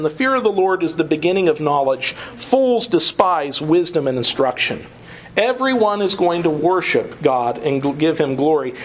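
A man's voice: fairly high pitch, a little hiss or hum. A man preaching an expository sermon, earnest and emphatic, repeating key phrases as he reads and explains scripture.

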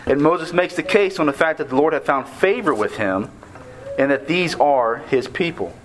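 A man preaching a sermon on a scripture passage, earnest and measured, slowing down to stress key words. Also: fairly high pitch, lively intonation, rough recording.

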